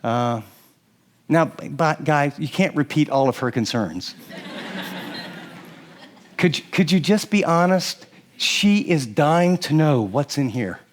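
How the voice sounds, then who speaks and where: A middle-aged man preaching on marriage, lively and laughing often as he acts out what husbands and wives might say. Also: fairly high pitch, slow, long pauses. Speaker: pastor. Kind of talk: sermon on marriage to a live audience.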